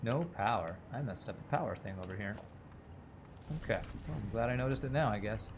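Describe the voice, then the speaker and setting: A man's voice: lowish voice, expressive, a little fast, noisy background. A man streaming a game, thinking aloud as he works out numbers under his breath and chats casually with his viewers. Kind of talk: casual livestream gameplay commentary.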